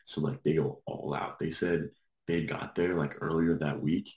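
A man's voice: rumbling low, steady tone, moderate pace, a little mellow, echoey room. A man telling a story in casual chat, rambling and full of filler words, laughing now and then. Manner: rambling, lots of likes, laughs while telling.

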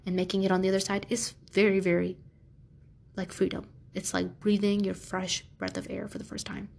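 A young adult woman giving Islamic life advice in a casual motivational talk to camera, earnest and candid, slangy, with sudden animated bursts. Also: medium pitch, fairly quick, gravelly.

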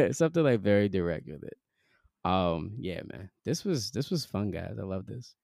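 A man's voice: fairly low pitch, very animated, moderate pace, vocal fry, a little mellow, no room sound, studio quality. A man guesting on a podcast as a comedian, chatting casually and enthusiastically in profane slang. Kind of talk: casual chat.

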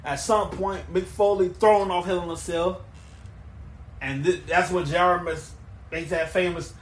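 A man with a high, bright voice talks through wrestling history on his own podcast. He rambles, stumbles and restarts, then bursts into loud emphatic questions. The sound is roomy and echoey. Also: steady tone, unhurried. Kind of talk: solo podcast recap and show plugs.

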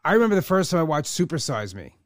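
A man hosting a casual interview, reflecting out loud and sharing his own experiences. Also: fairly high pitch, very animated, fast talker, no echo, studio quality. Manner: reflective, shares personal stories. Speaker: podcast host.

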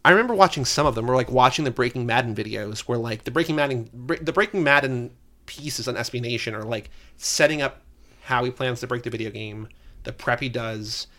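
A man's voice: medium pitch, sharp tone. Chatty man enthusing on a podcast. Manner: enthusiastic, leans heavily on "like". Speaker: podcast co-host. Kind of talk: casual podcast chat.

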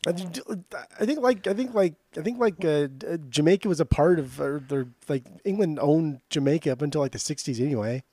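A man's voice: on the high side, a little fast, hardly any pauses, darkish tone, dry recording, studio quality. A man co-hosting a podcast, chatting casually about music with lots of "dude" and "like", loose and swearing. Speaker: podcast co-host.

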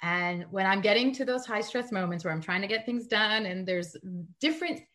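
Woman, parenting guest, casual chat, practical advice, mid pitch. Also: expressive, a bit bright. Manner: practical advice, quick laughs. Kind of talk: casual chat, live stream interview.

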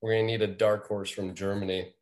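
A man's voice: fairly low pitch, level tone, fairly quick, a crowd in the background. A man co-hosting a casual sports podcast, throwing in short wisecracks. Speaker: podcast co-host.

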